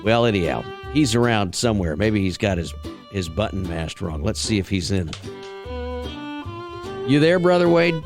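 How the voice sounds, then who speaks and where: A man's voice: fairly low pitch, big pitch swings, normal speed, pauses often. A Southern radio host chats in an easygoing, folksy way, chuckling often. His voice moves up and down a lot. Faint music plays behind him. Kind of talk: casual radio chat.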